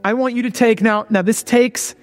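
A man's voice: very high voice, fairly even intonation, moderate pace, long reverb tail, soft background music. A man giving a conversational sermon who keeps checking in with his listeners with "okay?" and "all right?". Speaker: preacher.

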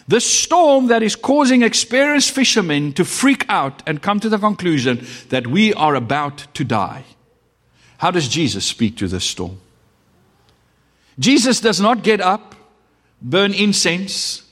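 Middle-aged South African male pastor, animated preaching with dramatic pauses, in a reverberant hall. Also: sits high. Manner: animated, dramatic pauses, swings from loud to hushed. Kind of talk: sermon.

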